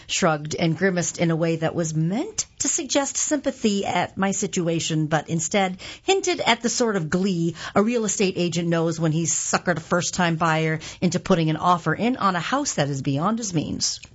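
A woman reading a first-person short story aloud with expressive narration. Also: on the low side, normal speed, few pauses, slightly rough, dull audio. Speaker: volunteer reader.

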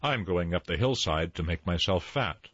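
A man's voice: deep voice, expressive, moderate pace, fairly bright tone, husky, no room sound, highs cut off, full character voice. An older man voicing the middle billy goat of a storybook, nervous and pleading.

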